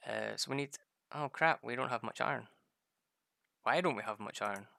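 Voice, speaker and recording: Male gamer with a gravelly voice, casual and sweary, commentating his gameplay. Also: medium pitch, moderate pace, pauses often, sharp tone, no room sound. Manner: rambling, profane storytelling.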